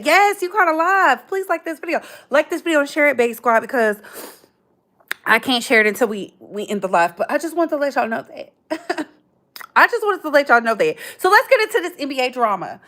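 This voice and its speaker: Woman, 30s, livestream host; slangy, animated gossip commentary, voice sits a touch high. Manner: chatty, animated, slangy, calls viewers "baby".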